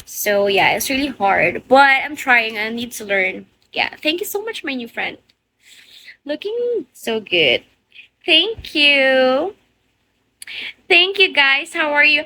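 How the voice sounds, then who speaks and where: Filipino-accented woman on a casual livestream, teasing and playful; high, bright voice, unhurried. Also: sing-song, slight background noise. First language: Tagalog. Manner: playful, teasing, laughs often. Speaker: livestreamer greeting viewers.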